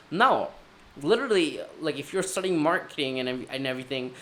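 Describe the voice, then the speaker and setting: Young man telling an animated story. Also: fairly high pitch, fairly quick. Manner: animated, swears casually, acts out dialogue. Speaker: career advice youtuber. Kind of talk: casual storytelling advice.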